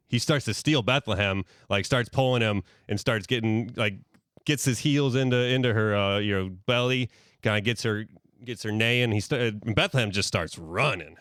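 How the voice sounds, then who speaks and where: Playful rambling podcast host. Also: male voice, on the low side, moderate pace, a bit bright, no room sound, studio quality. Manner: rambling, playful, full of fillers. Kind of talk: improvised comic storytelling.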